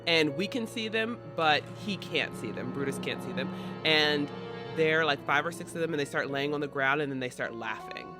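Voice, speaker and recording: A man's voice: a little high, normal speed, over music. A man co-hosting a podcast, casually retelling a stage play and acting out the characters' lines. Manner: animated storyteller acting out lines. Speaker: podcast co-host.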